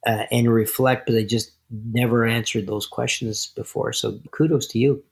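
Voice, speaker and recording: A man from Canada, a podcast guest, telling stories in a casual, animated interview. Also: mid-range voice, normal speed, vocal fry.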